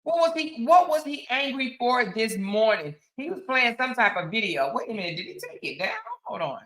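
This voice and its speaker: A woman's voice: fairly high pitch, very animated, normal speed, fairly bright tone, echoey room. A woman, hosting a casual live stream, chatting straight to her viewers and reading out their comments. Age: 50s. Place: on the outskirts of Houston, Texas.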